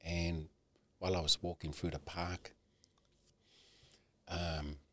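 A middle-aged man, a podcast guest, candidly telling a personal story, swearing often and halting with many "you know"s. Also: sits low, flat delivery.

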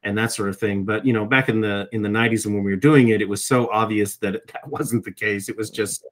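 Talking fast in a steady, lowish voice, a middle-aged voice actor reflects on questions as an interview guest. He regularly repeats words when beginning a thought.

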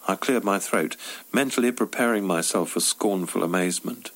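A man reading his own devotional story aloud, wry and expressive. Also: low-pitched, moderate pace, few pauses.

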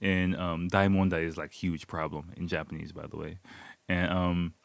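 A man's voice: deep voice, flat delivery, moderate pace, creaky, dry recording. A man casually telling a story, rambling with lots of fillers and swearing. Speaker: vlogger.

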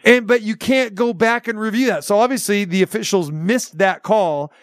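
A man's voice: sits high, moderate pace, dry recording, clean studio sound. A man hosting sports talk radio, ranting with animation and acting out quotes. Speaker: radio show host.

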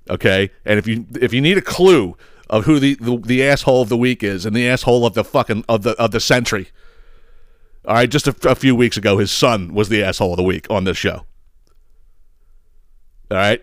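A podcast host with a fairly low-pitched male voice rants about politics, swearing heavily and repeating words for emphasis. The recording is dry and studio quality.

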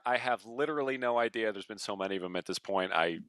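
A man hosting a podcast in a casual interview, loud and upbeat, with a radio voice he keeps at one volume. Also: quick pace, few pauses, clean tone. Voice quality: deep radio voice. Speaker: podcast host.

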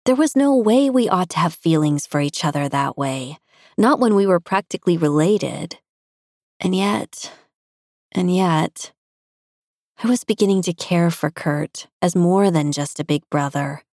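A woman narrating a first-person audiobook in an intimate, even-paced storytelling manner, recorded close on a studio mic. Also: fairly low pitch, moderate pace, no room sound.

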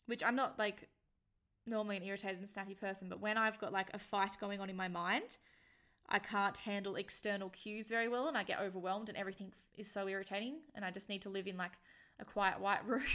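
A young woman speaks openly and bluntly in a relaxed vlog style. Her voice sits at an ordinary middle pitch, and her talk is loose and unpolished, full of "like", "um" and the odd swear word. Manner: frank and casual, swears freely, many fillers. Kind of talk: candid personal storytelling to camera.

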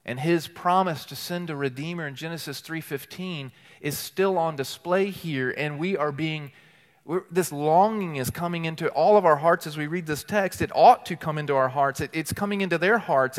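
A man delivering a sermon in a church sanctuary, his voice sitting a little above the usual male range. He preaches earnestly, stressing points with repeated phrases and slowing to read scripture aloud. The sound carries a long hall reverb. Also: fairly high pitch. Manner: reads scripture aloud slowly and deliberately. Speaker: teaching pastor.

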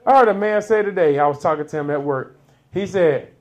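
Reading scripture and explaining it, a man delivers a sermon a little fast in a voice that sits high, laughing between points and hitting sudden loud peaks. The highs in the recording are cut off.

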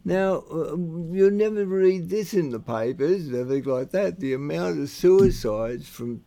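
Gravelly older Australian man reminiscing. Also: fairly high pitch, lively intonation, unhurried, dark tone. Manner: colloquial and blunt, with frequent restarts and swearing. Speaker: interviewee recalling his security and police work. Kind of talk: rambling spoken reminiscence.

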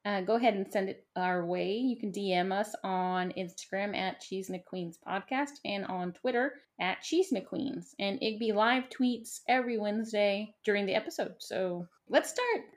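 A woman co-hosting a podcast, recapping a show in casual chat with quick asides and frequent laughter. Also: medium pitch. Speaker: podcast co-host.

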